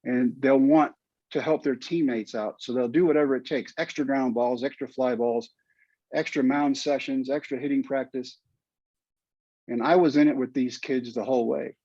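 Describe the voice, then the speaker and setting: A man's voice: mid-range voice, steady tone, normal speed, warm tone, breathy edge, no room sound. An older man with a Texan accent, a podcast guest telling a heartfelt story in an earnest, emotional way. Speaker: guest, former pitcher and teacher. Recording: dull, lo-fi, dry sound.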